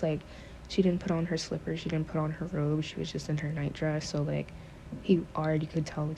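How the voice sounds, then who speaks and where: Her deep, mellow voice has vocal fry as this podcast host retells a book in casual storytelling, rambling, profane and filler-heavy. A faint hiss or hum sits under the audio.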